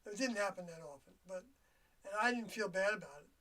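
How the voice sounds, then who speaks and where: An older livestream host speaks in a rambling, reflective solo monologue. The speech is halting, with trailing phrases and pauses while searching for words. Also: mid-range voice, expressive, sharp tone. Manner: reflective and confiding. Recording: voice a bit distant from the mic.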